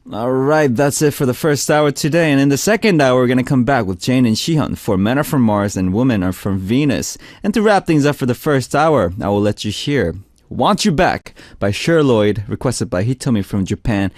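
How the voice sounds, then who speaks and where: A man hosting a music radio show, reading out listener messages in a relaxed, chatty way. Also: medium pitch, no echo, clean studio sound. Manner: relaxed, chatty, lots of "like" and "you know". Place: radio studio. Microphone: studio microphone.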